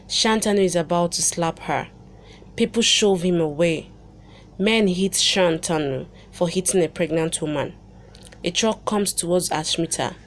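A woman reads out a soap opera recap in a low, steady voice, keeping the quoted lines flat. A faint hiss sits under her narration. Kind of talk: plain read-aloud recap narration.

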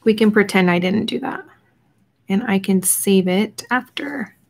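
A young woman hosting an art journaling livestream, chatting casually with viewers while she paints and sometimes trailing off into quiet murmurs. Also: medium pitch, a little slow, gravelly. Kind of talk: casual live crafting chat.

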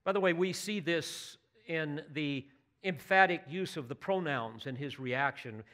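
Male preacher, slightly high voice, earnest and emphatic sermon delivery, asks his listeners direct questions. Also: unhurried, a bit bright. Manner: earnest, emphatic preaching with rising bursts of intensity. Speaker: pastor.

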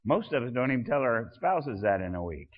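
A man's voice: mid-range voice, big pitch swings, brisk, big-room sound. Impassioned male preacher, lo-fi sound. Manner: impassioned preaching, swells loud then drops soft. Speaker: pastor. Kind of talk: sermon.

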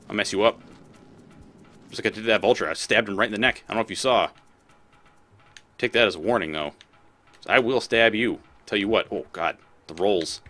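A man's voice: on the low side, sharp tone. A man giving casual gameplay commentary as a let's play host; he swears often and talks back at the creatures on screen.

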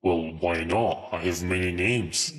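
Comedy sketch: young man doing God, low and dry, telling off a sinner. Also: steady tone, measured pace, fairly bright tone, roomy sound. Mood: calm. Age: teen. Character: God, deep-voiced male deity, stern and dry.

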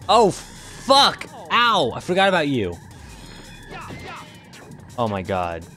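A man's voice: a little high, wildly swooping pitch, takes it slowly, pushed and bright, soft background music. A man streaming a video game with goofy, playful commentary and jokey yelps of pain. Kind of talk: casual let's-play commentary.

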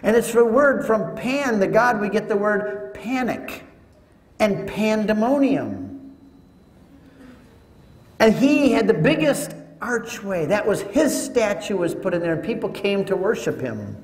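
A man giving a teaching talk to an audience, telling it as an animated story with joking asides. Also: sits high, measured pace. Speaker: Catholic speaker. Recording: echoey hall with long reverb.

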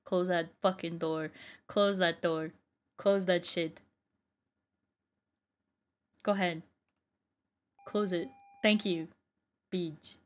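Playful American woman streamer, slow drawl. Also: lowish voice, steady tone. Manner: playful, swearing, sing-song exclamations. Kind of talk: casual gaming commentary.

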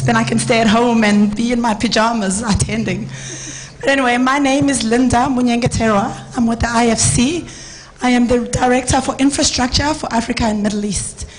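A woman moderating a conference panel with a hoarse, worn voice, talking in a relaxed, chatty way with filler ums. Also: a little high, slight background noise, rough recording. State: hoarse, losing her voice. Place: conference stage.

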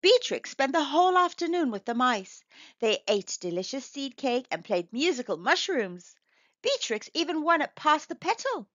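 A woman reading a children's picture book aloud, gentle and expressive. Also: sits high, normal speed, no room sound. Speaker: storyteller. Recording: dull dry recording.

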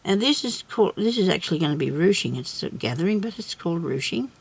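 A woman hosting a casual craft tutorial, chatting and thinking aloud as she works, with soft laughs to herself. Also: lowish voice, big pitch swings, quick pace, vocal fry, slightly rough. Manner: rambling, chatty, thinks aloud while working.

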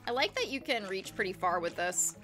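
A woman's voice: medium pitch, expressive, brisk, fairly bright tone, soft background music. A young woman casually chatting and swearing as she streams a farming game. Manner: chatty, swearing, self-mocking. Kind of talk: casual gameplay commentary.

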